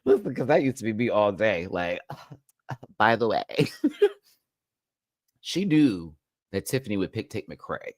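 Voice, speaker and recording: A man hosting a casual live review, campy and sassy, laughing often and swinging his pitch wildly. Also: very animated, slow pace, pauses often, dry recording, studio quality. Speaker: show host, reality TV reviewer.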